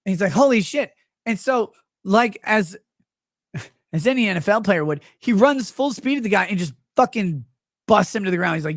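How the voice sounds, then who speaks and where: A man's voice: high-pitched, no room sound. Man, livestream host, casual mocking commentary, acts out quotes, dry close sound. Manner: sarcastic, mocking, acts out quoted people in put-on voices.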